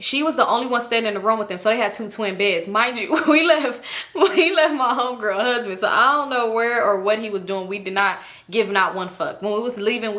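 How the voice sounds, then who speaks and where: Woman, young adult, storytime vlogger, casual monologue, high voice, bright tone, profane, laughs a lot. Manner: animated, profane, laughing often.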